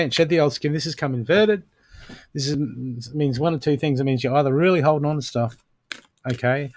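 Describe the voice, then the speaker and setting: An intuitive card reader gives a live oracle card reading, speaking straight to the listener with pep-talk advice and dropping in "okay" again and again. His voice is medium-pitched and a little mellow, with a coaching manner.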